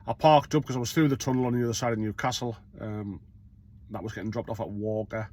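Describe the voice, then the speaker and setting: Blunt courier, swearing freely. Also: male voice, on the low side, steady tone, fast, a little mellow. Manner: blunt, chatty, swears casually, rambling asides. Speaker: self-employed van courier. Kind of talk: casual vlog monologue.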